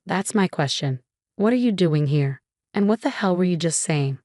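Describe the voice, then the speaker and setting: A woman's voice: lowish voice, lively intonation, normal speed, warm tone, no echo, clean studio sound. A woman reading the lines of a kind, protective young husband who speaks earnestly and firmly. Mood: stern.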